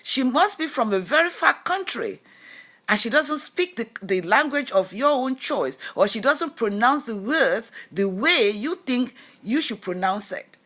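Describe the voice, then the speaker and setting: A woman's voice: fairly high pitch, lively intonation, unhurried, a bit bright. A woman vlogger giving an emphatic motivational talk, full of rhetorical questions and advice. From lives in Canada. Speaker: lifestyle vlogger.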